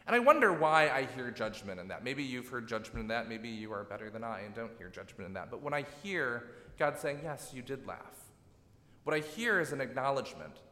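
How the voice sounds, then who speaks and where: A man preaching a sermon in a reflective, gently emphatic way, often checking in with "right?". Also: mid-range voice, sing-song, brisk, hardly any pauses. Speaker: pastor. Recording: echoey hall.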